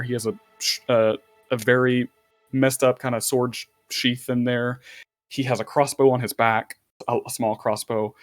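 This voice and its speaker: Laid-back male game master. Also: mid-range voice. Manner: chatty, loose, with restarts and laughter. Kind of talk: narrating a tabletop game.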